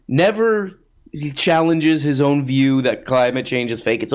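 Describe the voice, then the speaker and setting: A man's voice: mid-range voice, expressive, unhurried, smooth. A man hosting a show, riffing in sarcastic, casual comedic commentary. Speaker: podcast host.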